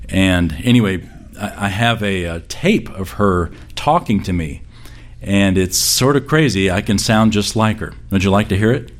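Low-voiced man telling a sermon story. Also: expressive, moderate pace. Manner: conversational, rambling, with many restarts and fillers. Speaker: preacher.

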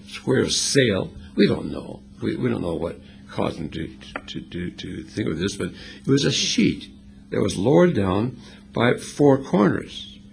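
A man's voice: on the low side, gravelly. A man preaching a sermon, explaining scripture and Greek words in an expository style. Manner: expository preaching with lively, animated delivery. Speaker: pastor.

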